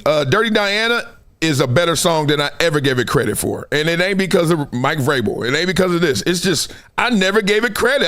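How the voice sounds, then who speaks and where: Lively, animated male sports-show host. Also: on the high side. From Compton, California. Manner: animated, playful, slangy, laughs often. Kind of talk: casual live-stream sports talk.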